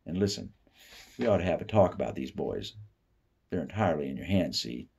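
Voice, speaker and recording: Man doing a low, husky, fatherly God, easygoing and reassuring, storybook reading. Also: big pitch swings, a little fast, a little mellow, full character voice. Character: calm, fatherly male God, plain-spoken.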